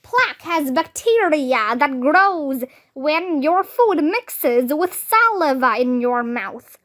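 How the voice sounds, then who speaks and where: A woman's voice: high-pitched, animated, slow pace, fairly bright tone, exaggerated voice. A woman putting on a gloating dentist supervillain. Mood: villainous. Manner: theatrical evil announcing.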